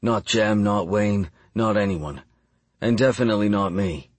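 A man reading a first-person audiobook narration in a measured, even storytelling delivery. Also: on the low side, no room sound.

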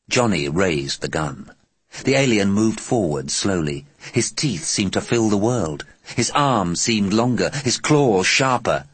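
Low husky guy reading a story slowly, lively ups and downs, dry sound. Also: no room sound. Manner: deliberate, expressive storytelling. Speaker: narrator. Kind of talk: audiobook narration.

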